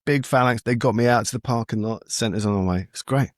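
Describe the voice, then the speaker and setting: A man's voice: medium pitch, fast talker, dry recording, clean studio sound. A middle-aged British man, a comedian, telling a story as a podcast guest and acting out the people in it. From Britain. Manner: animated storyteller who acts out voices in quotes.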